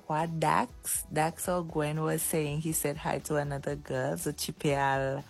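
A woman with a low voice speaking slowly in a chatty, giggly voice note to a radio DJ. Music plays faintly behind her. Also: flat delivery, gravelly. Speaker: caller sending a voice note. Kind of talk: casual voice message.

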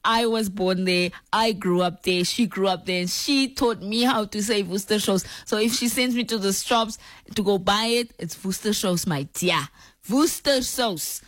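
A woman's voice: mid-range voice, moderate pace, a bit bright, no room sound. A woman radio host talking in a playful, chatty way, stretching out words for emphasis. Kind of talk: casual radio talk. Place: radio studio.

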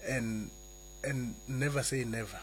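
A man, a guest author answering interview questions and reading slowly and deliberately from his own memoir. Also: mid-range voice, slight background noise, poor audio. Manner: soft-spoken, slow and deliberate when reading.

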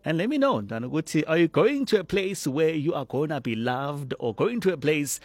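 Energetic radio host. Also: male voice, fairly high pitch, fairly quick, husky, no room sound. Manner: energetic, mixes English with Zulu slang. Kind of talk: lively morning radio chat.

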